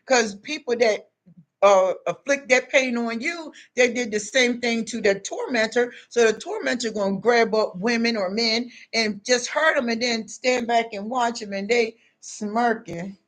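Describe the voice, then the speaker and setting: On the high side and unhurried, a woman's voice delivers blunt, confrontational spiritual advice. It's a casual, unscripted monologue thick with street slang, aimed directly at the listener and peppered with "you know what I'm saying."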